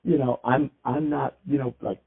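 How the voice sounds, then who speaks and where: A man's voice: mid-range voice, fairly even intonation, normal speed, gravelly. A man co-hosting a podcast, talking in a loose, rambling way with many restarts. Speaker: podcast co-host. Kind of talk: casual podcast chat. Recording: tinny phone-like sound.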